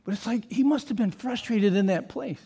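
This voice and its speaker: A man's voice: sits high, brisk, warm tone, husky. A male pastor preaching a sermon with emphatic delivery, rhetorical questions and casual asides to the congregation.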